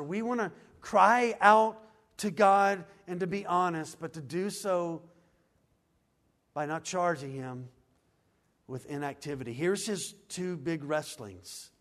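A man with a high voice preaches a sermon. He is earnest, rising into loud pleading and then dropping to hushed, low lines. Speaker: pastor.

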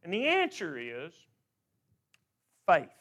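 A man's voice: on the high side, huge pitch swings, takes it slowly, fairly bright tone. A middle-aged man preaching a sermon, asking questions of his listeners and often repeating words as he restarts.

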